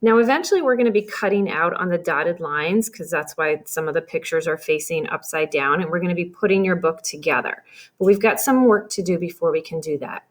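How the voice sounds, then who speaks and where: Patient woman teaching young kids. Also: fairly low pitch. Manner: patient, slow and explanatory, addressing kids directly. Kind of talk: recorded classroom lesson for young children.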